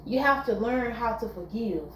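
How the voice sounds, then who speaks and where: A woman's voice: on the high side, normal speed, a bit bright, roomy sound, slight background noise, rough recording. A woman giving relationship advice in a casual, earnest monologue, repeating her points. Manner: earnest, repetitive, conversational.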